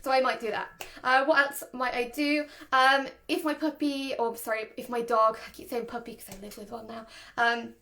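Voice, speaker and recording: High-voiced woman, chatty dog trainer. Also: normal speed. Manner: chatty, laughs often, animated. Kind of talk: casual instructional talk.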